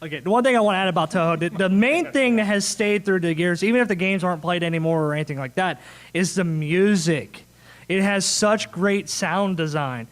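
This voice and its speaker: Man, high voice, casual panel moderator with a quick joking manner. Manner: joking, laughing, quick asides. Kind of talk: casual convention panel chat. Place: convention panel room.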